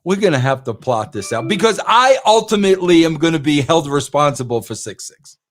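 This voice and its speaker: Brief: male podcast host, animated and high-pitched, teasing, interrupts. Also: a little fast. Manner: teasing, interrupts, says "bro". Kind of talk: casual podcast chat.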